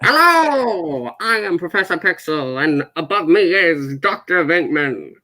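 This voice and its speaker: A man's voice: high-pitched, big pitch swings, bright, forceful tone, heavily acted. A man putting on an old-time radio announcer. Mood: grandiose. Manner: grand, drawn-out announcer delivery.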